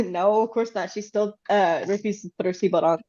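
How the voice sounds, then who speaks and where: A woman hosting a podcast, chatting casually and telling animated stories with frequent laughter. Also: mid-range voice, moderate pace, muffled recording. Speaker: podcast host. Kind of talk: casual chat.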